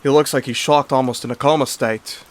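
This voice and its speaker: A man voicing a solemn cartoon doctor with a British accent, speaking gravely. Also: mid-range voice, steady tone, fairly quick, lightly acted.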